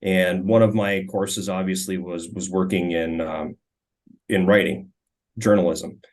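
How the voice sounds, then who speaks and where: A man in his forties from Minnesota talks through old stories in a relaxed, chatty interview. His voice sits fairly low, and he keeps stumbling over his first words and restarting. He tells it like a former player chatting over tea. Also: a little slow. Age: 40s. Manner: relaxed, frequent stammered restarts. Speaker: guest, former hockey player and radio color commentator. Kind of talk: casual storytelling interview.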